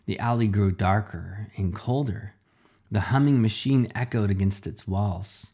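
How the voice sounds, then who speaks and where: Homem narrando uma história infantil com vivacidade. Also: male voice, lowish voice, measured pace, breathy edge. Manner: animated, dramatic. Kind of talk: expressive storybook narration.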